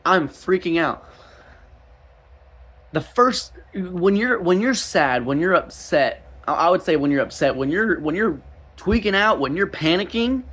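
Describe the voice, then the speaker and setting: A young man with a slightly high voice, giving a rambling personal testimony as a street minister, with many restarts. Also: animated, moderate pace, fairly bright tone, husky.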